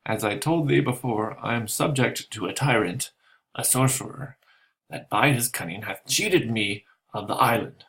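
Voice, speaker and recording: A man's voice: medium pitch, moderate pace, fairly bright tone, close to an everyday voice, low-quality recording. A man reading the lines of Caliban, a resentful, servile island monster, in a pleading tone.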